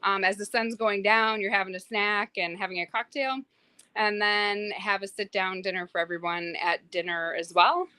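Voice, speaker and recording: A woman who cooks aboard a charter yacht talks through her day in a casual interview. Her voice is bright and crisp in a dry, close recording. She fills her talk with ums and lively asides. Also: mid-range voice, normal speed, dry recording. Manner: animated, many fillers, acts out quotes. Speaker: private yacht chef and crew.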